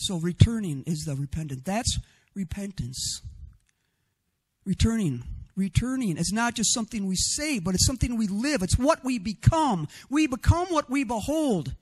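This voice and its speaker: A man preaching a sermon in an expressive way, sometimes getting loud and often adding a questioning "right?" to his points. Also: sits high, moderate pace, slightly rough. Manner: rhetorical "right?" asides.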